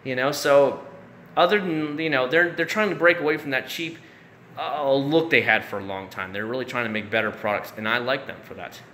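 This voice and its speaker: Rambly guy doing a live stream, bright voice, echoey room, kinda chatty and loose. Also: fairly high pitch. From Central Florida. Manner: rambling, chatty, frequent restarts and fillers. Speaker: YouTube live-stream host answering chat. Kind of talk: casual live-stream chat. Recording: echoey room with faint background noise.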